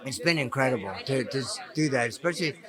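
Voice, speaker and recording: A man's voice: mid-range voice, expressive, music in the background. A man, an actor, speaking earnestly at a red carpet interview, often restarting his sentences. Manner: earnest, halting with many restarts. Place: busy red carpet event. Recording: crowd chatter behind.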